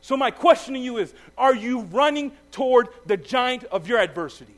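A man with a high voice preaches a sermon, reading scripture haltingly and then pressing his listeners with direct questions. His delivery swings between loud and very soft passages. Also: expressive.

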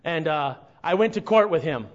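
A man's voice: on the high side, animated. Earnest preacher man, muffled recording. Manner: earnest, rising to impassioned emphasis with slow drawn-out phrases. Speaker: pastor. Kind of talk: sermon.

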